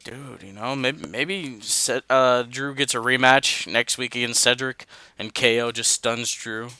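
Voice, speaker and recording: A man's voice: mid-range voice, fairly even intonation, unhurried, sharp tone, clear, resonant tone, no room sound. A man hosting a casual wrestling podcast, reading out match results and chatting loosely with dude and man. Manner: laid-back, says dude and man, reads out results. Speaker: podcast host.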